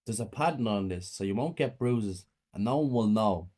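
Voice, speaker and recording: A man voicing a cruel, abusive mother who scolds her children slowly and coldly. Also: fairly low pitch, lively intonation, dark tone. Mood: menacing. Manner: slow, menacing, scolding. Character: cruel, cold, abusive mother, adult woman.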